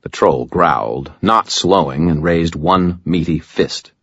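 A man's voice: deep voice, slow, fairly bright tone, breathy edge, dry recording, dull audio. A man narrating an audiobook in the first person, with dry, wry storytelling.

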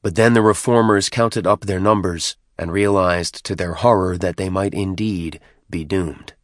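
In a lowish voice, an audiobook narrator reads a novel from a script. His storytelling is measured and even. The sound is clean, studio-made, and free of echo.

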